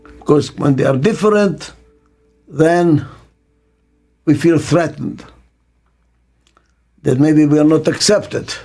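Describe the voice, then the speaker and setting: An older man with a Hebrew mother tongue, a business consultant speaking in an interview, slow and emphatic, repeating his key words. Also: a little high, warm tone, soft background music. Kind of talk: interview monologue.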